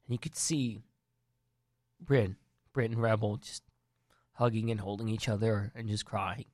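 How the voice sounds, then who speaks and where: A man's voice: fairly low pitch, steady tone, measured pace, a little mellow, no echo, studio quality. A man giving casual wrestling news and opinions, earnest and rambling, often restarting his sentences. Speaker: wrestling commentary vlogger.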